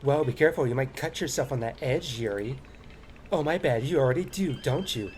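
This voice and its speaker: A man's voice: mid-range voice, lively intonation, brisk, slight background noise, lightly acted. A man doing a bratty snappy schoolgirl. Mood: snapping. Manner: sharp, mocking retorts.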